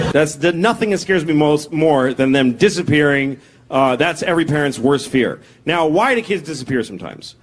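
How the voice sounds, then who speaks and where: A man in his forties performing a self-deprecating, deadpan stand-up comedy set on stage. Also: medium pitch, background noise. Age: 40s. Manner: deadpan, self-deprecating, acts out bits in character voices. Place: comedy stage before a live audience. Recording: live set with loud crowd laughter.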